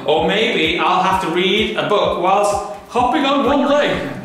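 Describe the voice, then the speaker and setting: A high-voiced man with a Lancashire accent presents a children's programme with theatrical energy, his pitch leaping all over the place. He sounds like he's in a very echoey room, with soft music playing underneath. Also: measured pace. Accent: Lancashire English. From Lancashire, north of England. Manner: animated, theatrical, with big swoops in pitch. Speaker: children's show host and teacher.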